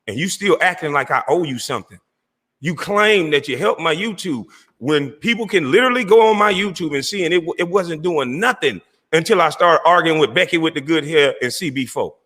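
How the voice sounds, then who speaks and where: A man's voice: fairly high pitch, animated, brisk, fairly bright tone, big-room sound. A man hosting his own online show, ranting at a rival in a confrontational, taunting way. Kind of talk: heated livestream rant.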